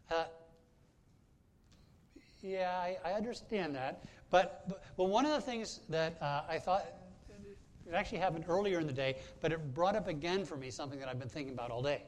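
A man preaching a sermon as pastor, telling a personal story in a conversational way with frequent hesitations and restarts. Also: fairly high pitch.

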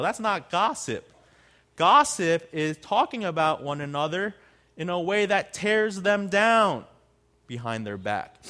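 A man with a high voice preaches a sermon in an easygoing, conversational manner. He talks like a pastor chatting with his congregation. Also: fairly bright tone. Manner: conversational, acts out quotes in other voices.

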